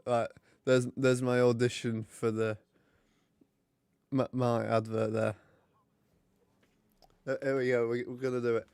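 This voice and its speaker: Brief: young male streamer, joking banter, middle pitch, dry unroomy mic. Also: flat delivery, measured pace, pauses often, darkish tone, clear, resonant tone, no echo. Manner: chatty, joking. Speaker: streamer hosting a hockey watch party. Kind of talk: casual live commentary and chat.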